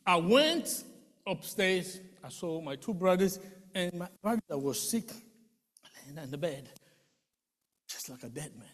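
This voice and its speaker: A man giving an emotional spoken testimony, telling the story with animated delivery and acting out quoted voices. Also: high-pitched, a little slow, pauses often, big-room sound.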